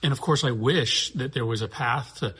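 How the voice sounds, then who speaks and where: A male senator in an interview clip, speaking in a halting, measured, earnest way. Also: mid-range voice, a bit bright, breathy edge.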